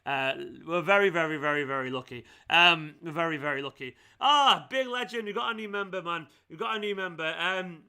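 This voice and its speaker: A young man hosting a fan live stream, excitable and emphatic, repeating himself often. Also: on the high side, brisk, hardly any pauses, smooth. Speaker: fan channel host.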